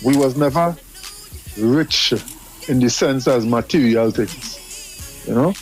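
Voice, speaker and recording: Man telling a lively story. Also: mid-range voice, slow pace, faint music behind. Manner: animated, repeats words, laughs while telling. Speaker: caller. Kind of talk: casual storytelling.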